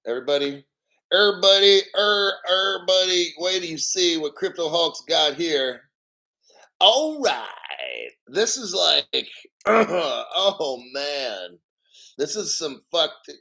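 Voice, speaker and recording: A man hosting a live-streamed crypto show, reading an article aloud and riffing on it in an excitable, profane way, often claiming he is about to cry. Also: a little high. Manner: profane, excitable, mock tearful; reads article aloud slowly, then riffs. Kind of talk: live-stream commentary with callers.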